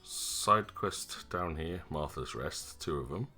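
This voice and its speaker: A man's voice: very deep voice, animated, takes it slowly, pushed and bright. Sarcastic man streaming a game. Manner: chatty, sarcastic, mocking. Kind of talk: live gameplay commentary. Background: game music.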